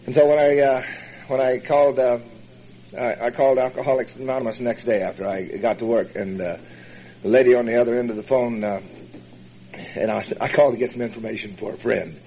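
A man telling his personal recovery story as a meeting speaker, in a folksy, halting way with many fillers and chuckles. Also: medium pitch, mellow. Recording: dull lo-fi recording.

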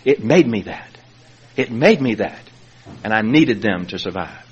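Husky man telling his recovery story. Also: fairly low pitch, measured pace, muffled recording. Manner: animated storytelling, chuckling as he talks. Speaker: recovery meeting speaker. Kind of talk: personal recovery testimony.

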